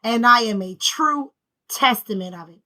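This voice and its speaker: A woman speaks in a bright, forceful voice pitched a little high. She gives a casual spiritual talk, stressing her points through emphatic repetition and slangy, conversational phrasing. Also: lively intonation, moderate pace. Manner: emphatic, repetitive, preacher-like rhythm. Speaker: spiritual healing vlogger.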